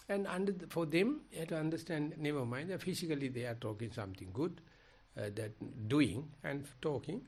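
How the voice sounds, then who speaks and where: An older man, a Buddhist monk with a Sri Lankan accent, teaching in a discussion and telling animated stories. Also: a little high, moderate pace, husky. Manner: animated storytelling, quoting others. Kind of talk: dhamma discussion.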